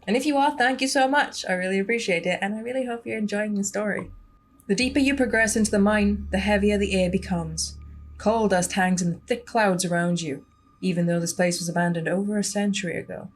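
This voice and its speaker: A woman's voice: mid-range voice, fairly quick, a little hiss or hum. A young woman gaming YouTuber chatting with her viewers and reading a story game's narration aloud. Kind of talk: let's play narration and chat.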